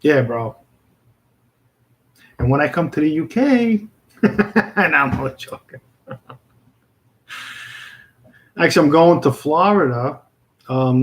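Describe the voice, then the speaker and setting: A man's voice: medium pitch, a little slow, long pauses, poor audio. Chatty Brooklyn man on a livestream. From New York. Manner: rambling, friendly, lots of fillers and restarts. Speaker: livestream host chatting with viewers. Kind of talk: casual live chat.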